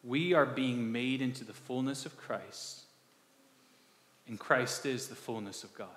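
Bright-voiced man preaching in an echoey hall. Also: medium pitch. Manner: conversational, with rhetorical questions to the congregation; animated, with quick restarts and repeated words. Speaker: pastor. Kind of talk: sermon. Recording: echoey hall with long reverb.

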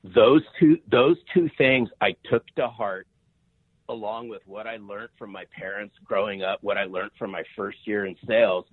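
Husky man over a tinny line. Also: lowish voice, normal speed, no room sound. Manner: emphatic, repeats words, asks "right?" often. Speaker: sales author, podcast guest. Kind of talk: energetic interview talk. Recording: tinny phone-line sound.

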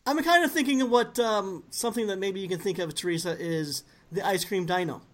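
A man hosting a casual podcast chat about toys, playful and quick to laugh. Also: high-pitched, fairly bright tone. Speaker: podcast host.

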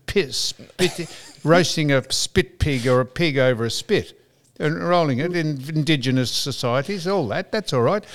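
A man, hosting a chatty podcast and rambling through shout-outs and digressions. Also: a little high, clean tone. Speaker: podcast host. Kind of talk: casual banter podcast.

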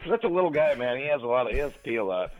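A man's voice: medium pitch, big pitch swings, rapid-fire, noisy background. A man chatting as a guest, rambling, repeating himself and swearing casually. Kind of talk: casual reminiscing chat. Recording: tinny phone line.

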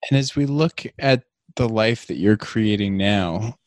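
A man hosting an interview, asking long, deliberate questions in a measured way. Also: on the low side, no room sound, clean studio sound. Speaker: interview host.

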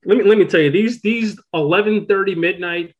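A man hosting a podcast in casual chat, talking in an excitable, rambling way, full of "like" and "you know.". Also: high-pitched, brisk, muffled recording. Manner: rambling, excitable, many fillers. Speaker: podcast host.

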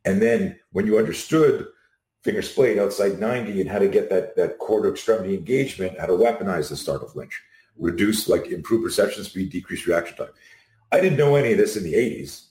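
A middle-aged man, a self-defense instructor guesting on a video call, telling animated stories and acting out the people he quotes. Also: sits low. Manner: animated anecdotes, acts out quotes. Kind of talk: storytelling in an interview. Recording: echoey room.

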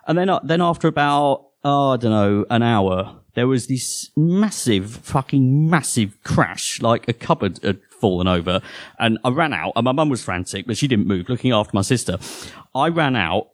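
A man performing a first-person horror story live on a theatre stage, halting and often repeating his words. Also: mid-range voice, lively intonation, no room sound.

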